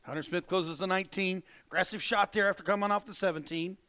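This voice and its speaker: A man doing live darts commentary, excitable and animated in his play-by-play. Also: high voice, fast, a little hiss or hum.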